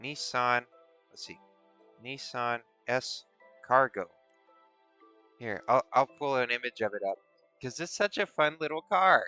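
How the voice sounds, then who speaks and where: A man's voice: medium pitch, a little slow, long pauses, pushed and bright, clean tone, soft background music. A man hosting a stream in casual, rambling chat, musing aloud in a playful way. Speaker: streamer host.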